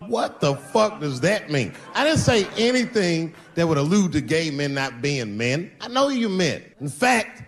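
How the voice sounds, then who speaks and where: A man doing a stand-up comedy routine, profane and animated, jumping between voices, in a live venue. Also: fairly high pitch, unhurried. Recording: reverberant venue with faint ambience.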